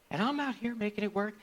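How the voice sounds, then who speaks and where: A man performing a theatrical spoken-word monologue live on stage, swinging between hushed asides and loud outbursts. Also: high-pitched.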